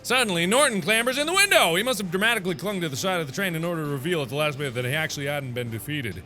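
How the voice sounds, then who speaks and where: A man's voice: on the high side, very fast. A man hosting a let's play, reading a text game aloud and joking about it. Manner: animated, joking.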